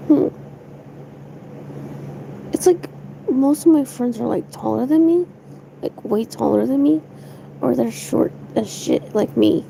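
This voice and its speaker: A woman's voice: on the high side, very animated, takes it slowly, pauses often, dark tone, a little hiss or hum, rough recording. A young woman streamer chatting casually to her viewers, rambling, giggly and swearing a lot. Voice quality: gravelly fry.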